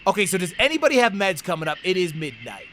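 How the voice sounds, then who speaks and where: A man doing excitable, profane horror game commentary, reading game text aloud between outbursts and shouts. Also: sits high, fast, faint music behind. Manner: excitable, swears a lot, bursts into shouts. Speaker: let's play gamer.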